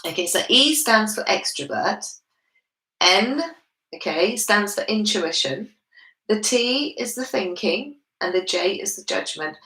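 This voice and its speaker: A woman's voice: medium pitch, bright, forceful tone, echoey room, poor audio. A woman with a confident manner, explaining at length in a casual book club chat.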